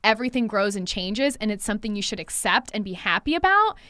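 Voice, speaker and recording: A woman's voice: medium pitch, sing-song, fast talker, sharp tone, no room sound. A woman hair stylist and coach talking candidly in a podcast conversation, swearing freely and acting out past exchanges with clients.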